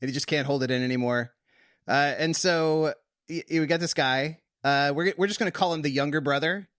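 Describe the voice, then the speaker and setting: Animated man in a dry podcast booth. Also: on the high side, fairly quick, no room sound. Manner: animated, laughing, breaks into comic voices for scripture figures. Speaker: podcast co-host. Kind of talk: casual Bible discussion.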